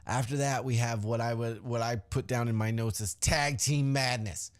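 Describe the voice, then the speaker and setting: This man hosts a podcast and goes over a wrestling show in a rambling, relaxed way, full of fillers and occasional profanity, tossing off impressions of quotes. He speaks in a mid-range voice at a moderate pace with fairly even intonation.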